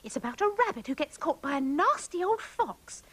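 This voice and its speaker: A woman's voice: sits high, very animated, a little fast, a bit bright, rough recording. A woman voicing a chatty, bossy young female panda puppet who giggles and schemes. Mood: chirpy scheming. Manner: sing-song, giggly, scheming. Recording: hissy old VHS tape.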